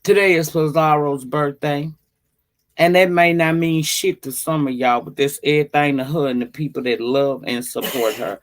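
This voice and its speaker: A woman hosting a casual livestream, greeting viewers by name and chatting in a profane, drawn-out way. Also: sits low, fairly even intonation. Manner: slow, drawn-out delivery. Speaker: livestream host.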